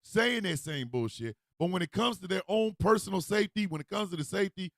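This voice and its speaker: A male radio host delivering an animated, comedic rant with frequent laughter. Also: sits high, a little fast, no echo, studio quality. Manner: animated, loud, laughs often, acts out street calls.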